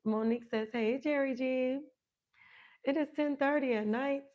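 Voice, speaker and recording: An older woman and fitness coach chatting casually with viewers on a live stream, animated, laughing often and greeting people by name. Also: high voice, moderate pace. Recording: dull lo-fi stream audio.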